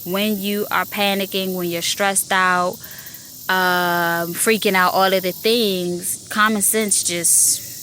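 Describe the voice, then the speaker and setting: A woman's voice: mid-range voice, flat delivery, slow pace, bright, forceful tone, a little hiss or hum. Emphatic woman podcast host. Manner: emphatic, repeats herself, acts out callers. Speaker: podcast host and 911 telecommunicator. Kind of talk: casual monologue.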